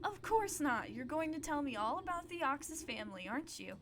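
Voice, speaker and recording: A woman's voice: high voice, big pitch swings, fairly quick, background noise, voice pushed up. A woman playing a sweet-talking sly witch. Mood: coaxing.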